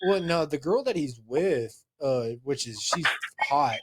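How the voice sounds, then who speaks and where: A man's voice: a little high, animated, measured pace, noisy background. A man co-hosting a podcast, talking in a casual chat and rambling through stories with lots of "he was like" and acted-out quotes. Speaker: podcast co-host.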